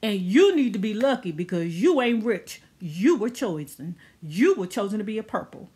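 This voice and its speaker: Brief: chatty, sassy woman, casual recap vlog, mid-pitched, lots of asides. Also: sing-song, normal speed, mellow, slightly rough. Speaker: TV recap vlogger.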